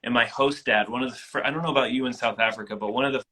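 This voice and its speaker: A man in his thirties, a guest in an interview, telling personal stories in a casual, animated way. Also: mid-range voice, racing, rough recording. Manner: animated, acts out quoted voices.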